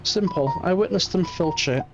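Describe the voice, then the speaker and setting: A man's voice: high-pitched, moderate pace, pitched above the performer's own voice, natural voice. A man voicing a seasoned old sailor in a game reading, telling his tale matter-of-factly. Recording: muffled stream audio, faint music.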